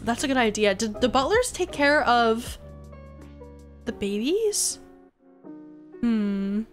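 A young woman with a fairly high voice streams a life-sim game, chatting casually to her viewers. She sounds exasperated at times and pleads with her characters, while soft music plays faintly behind her. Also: very animated, takes it slowly.

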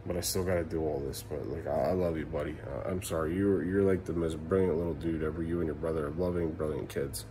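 Low-voiced dad vlogging at home, apologetic and rambling, faint room noise. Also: male voice, steady tone, fast, hardly any pauses. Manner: emotional, apologetic, swearing, many fillers. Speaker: father vlogging for his kids. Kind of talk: casual vlog talk to camera. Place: family home at night. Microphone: camera mic.

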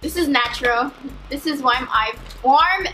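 A woman's voice: high voice, a little slow, bright, forceful tone, slight background noise, low-quality recording. A middle-aged mother chatting and reading product names, flustered and laughing, swearing often. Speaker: vlogger's mother. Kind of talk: casual chat.

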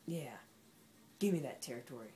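A woman's voice: very deep voice, expressive, normal speed, warm tone, slight background noise. A woman giving casual, sarcastic commentary while playing a racing game, talking back at the game's characters. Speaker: gameplay commentator.

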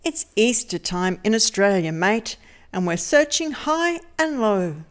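A woman reading a picture book aloud to children in a lively, sing-song storytelling manner. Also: mid-range voice, a little slow.

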